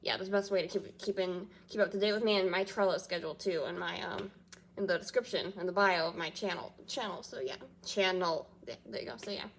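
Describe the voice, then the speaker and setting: A woman's voice: fairly low pitch, fairly even intonation, a little fast. Rambling woman vlogger, giddy and chatty. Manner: rambling, many fillers and restarts, giddy. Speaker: reaction channel host. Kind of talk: rambling casual chat to camera. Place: small echoey room at home. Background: faint household noise, dog in background.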